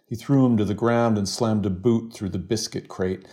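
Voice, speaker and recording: A man, a novelist, reading from his novel in a steady, measured voice and then chatting in an interview. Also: fairly low pitch. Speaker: novelist guest.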